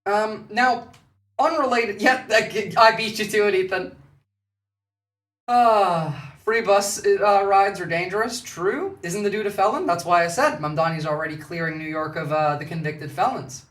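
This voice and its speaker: A man's voice: high voice, fairly even intonation, moderate pace, fairly bright tone. An Australian man talks loosely and off the cuff, cursing freely and stumbling over fillers as he reacts to clips. He sits well back from the microphone in a room that echoes. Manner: casual, profane, filler-heavy. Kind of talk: casual live commentary. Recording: distant mic in an echoey room.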